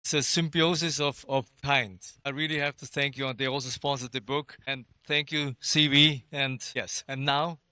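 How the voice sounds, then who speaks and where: A man's voice: mid-range voice, fairly even intonation, normal speed, few pauses, sharp tone, no room sound, clean studio sound. A man hosting a festival event, speaking effusively and thanking partners. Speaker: festival host. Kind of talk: speech at an event.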